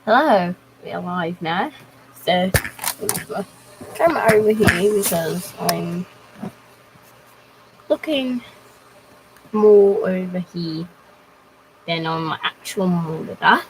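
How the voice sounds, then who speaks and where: Young woman, live-stream chatter, slow and rambling, mid-pitched, faint room hum behind. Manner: slow, rambling and halting, talking to chat. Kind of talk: casual live stream chat.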